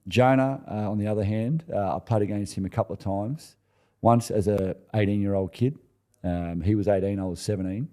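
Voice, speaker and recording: An Australian man in his forties chats as a podcast guest. His voice sits low and dark, and he spins long anecdotes in a loose, good-humoured way, tripping over his words and starting again. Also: a little fast. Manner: laid-back, chuckling anecdotes with many restarts. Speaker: podcast guest, former rugby player. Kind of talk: casual storytelling interview.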